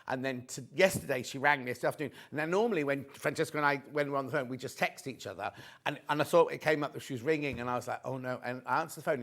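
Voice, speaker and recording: A man presenting a live TV shopping show, chatty and excitable, reading out prices and viewer messages. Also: medium pitch. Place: TV studio.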